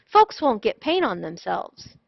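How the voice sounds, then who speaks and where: A woman voicing a cheerful, literal-minded housekeeper in a children's storybook read-aloud, bright and matter-of-fact. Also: mid-range voice, big pitch swings, a little slow, gravelly, lo-fi sound, full character voice.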